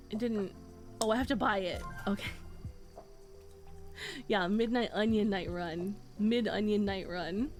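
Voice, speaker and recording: A woman's voice: medium pitch, a little mellow. A woman streamer chatting casually with her viewers, swearing freely and laughing often.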